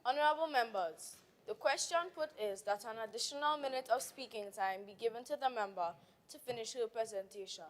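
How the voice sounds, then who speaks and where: A woman acting as presiding officer, chairing proceedings in a formal, steady, procedural manner. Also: fairly high pitch, a little fast.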